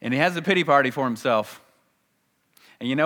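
A man preaching a sermon, telling a story with energy and acting out the lines he quotes, with rises and drops in pitch and loudness. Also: a little fast, pauses often, long reverb tail. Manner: animated storytelling, acts out quotes with big jumps in pitch and volume. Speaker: pastor.

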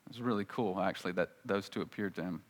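A man preaching a sermon, telling a story with energy and acting out the lines he quotes, with rises and drops in pitch and loudness. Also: fast, long reverb tail. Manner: animated storytelling, acts out quotes with big jumps in pitch and volume. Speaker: pastor.

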